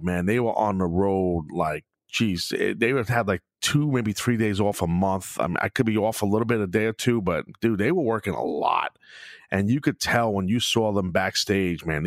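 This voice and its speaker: A man's voice: on the low side, no room sound, studio quality. A man, hosting a podcast in a rambling, profane monologue. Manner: profane, rambling, with frequent restarts; puts on mocking voices of fans. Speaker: podcast host. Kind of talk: casual monologue.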